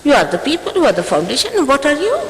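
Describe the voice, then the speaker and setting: A woman's voice: high-pitched, huge pitch swings, very fast, a little hiss or hum. Stern woman in her sixties scolding. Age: 60s. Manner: stern, reproachful, emphatic rhetorical questions. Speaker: spiritual teacher. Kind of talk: scolding address to followers. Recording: echoey hall with long reverb, faint ambience, 1980s archive tape.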